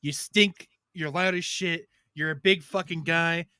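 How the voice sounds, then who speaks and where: Rambling crude storyteller, smooth dry voice. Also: male voice, fairly high pitch, fairly even intonation, unhurried, dry recording. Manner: rambling storyteller, loud shouted impressions. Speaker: podcast co-host. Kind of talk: casual crude chat.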